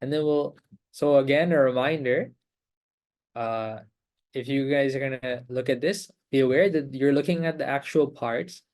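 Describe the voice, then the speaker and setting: A man leading an online meditation class over a video call, explaining calmly with repeated phrases and rhetorical questions. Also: medium pitch, normal speed. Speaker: meditation teacher.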